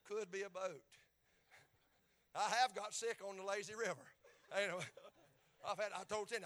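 High, bright-voiced Appalachian preacher. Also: male voice, moderate pace. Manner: folksy, swings from quiet asides to shouted climaxes. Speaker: pastor. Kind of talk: sermon.

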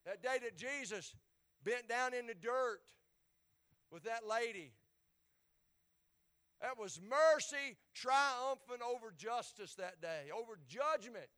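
A pastor preaching a sermon with fervor, often repeating his words and building up to loud peaks. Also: very high voice, animated, slow, pauses often.

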